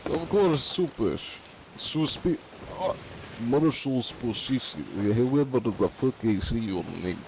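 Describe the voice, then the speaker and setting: A streamer voicing a big, boastful, deadpan Russian man in a put-on mock Russian accent with broken grammar. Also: medium pitch, slow pace, a little hiss or hum, low-quality recording. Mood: matter-of-fact. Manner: drops articles, speaks in broken grammar.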